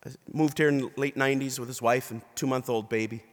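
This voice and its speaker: A male bishop preaching in a church, telling stories and acting out the people he quotes in them. His mid-pitched voice carries a long reverb through the hall. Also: steady tone, quick pace. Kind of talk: sermon.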